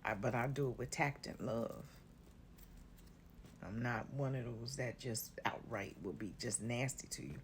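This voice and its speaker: Her voice rumbles low and unhurried over faint background noise as this woman, a spiritual content creator, gives her viewers a laid-back talk. Sassy and blunt, she curses without hesitation and drawls pet names like honey and baby.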